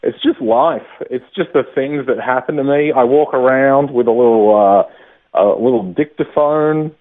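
A man's voice: mid-range voice, expressive, normal speed, gravelly. A man, a stand-up comedian, chatting casually in an interview, self-deprecating and laughing often. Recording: tinny phone-line sound.

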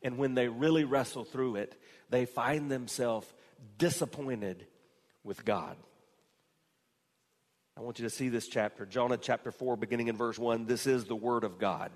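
Preaching man in a reverberant church. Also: medium pitch. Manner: builds from quiet, slow phrasing to raised, emphatic preaching. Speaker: pastor. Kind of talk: sermon.

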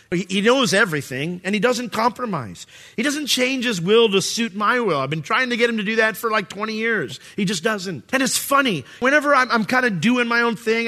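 A man's voice: high voice, bright, forceful tone. A male pastor preaching a sermon in a conversational way, reading scripture aloud and asking rhetorical questions.

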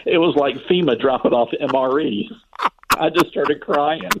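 A man's voice: fairly high pitch, moderate pace, slight background noise. A man from the American South, a radio commentator calling in as a guest and telling stories with sarcastic relish. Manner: animated sarcastic storytelling. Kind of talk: talk radio phone interview. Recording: tinny phone line.

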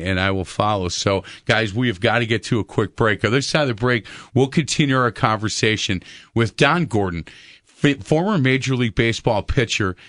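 A man's voice: mid-range voice, fairly bright tone, no room sound, clean studio sound. A man hosting a Christian radio talk show, earnest, with many fillers and repeated words.

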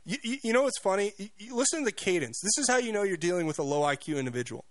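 With a high voice and lively intonation, a man hosting a radio talk show mocks and opines at speed, repeating words and starting over many times. The recording has no echo.

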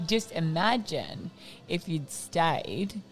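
A woman's voice: low-pitched, sing-song, very slow, soft background music. A woman in casual chat, playfully riffing on scenarios and laughing.

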